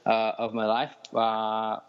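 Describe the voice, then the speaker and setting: A man from Denver, a fitness coach guesting on a podcast, talking in a laid-back way with many pauses and ums. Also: lowish voice, completely flat delivery, clear, resonant tone, dull audio. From Denver, USA. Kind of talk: casual podcast interview.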